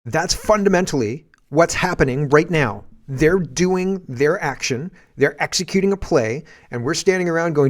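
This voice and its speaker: A man with a Canadian accent hosting a casual political commentary podcast, rambling and animated, breaking into shouts when he acts out scenes. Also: fairly high pitch, normal speed, hardly any pauses. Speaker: podcast host.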